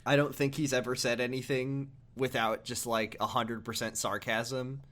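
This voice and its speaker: Brief: man, podcast co-host, casual chat, laughs often, jumps into excited high bursts. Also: normal speed.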